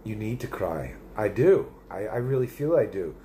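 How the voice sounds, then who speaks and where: A middle-aged man hosting a casual live stream, with a lowish, mellow, dark-toned voice. He rambles profanely through viewer comments and keeps restarting his sentences. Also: sing-song, moderate pace, slight background noise.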